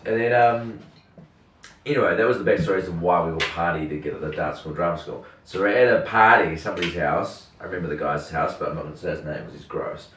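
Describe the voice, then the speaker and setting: A young man rambles through a story, peppering it with "like" and quick impressions of the people in it. His voice sits on the low side. It sounds roomy and a little far from the mic. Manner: rambling, animated, full of "like" and quoted voices. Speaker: radio host telling a story. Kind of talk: casual storytelling chat.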